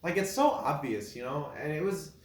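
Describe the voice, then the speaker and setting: A man with a somewhat high voice chats casually, rambling through his opinions with plenty of fillers and restarts. He sounds like he is in a bare, echoey room. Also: expressive, normal speed. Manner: rambling, filler-heavy, bursts into loud incredulous laughter. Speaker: co-host ranking films. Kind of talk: casual chat.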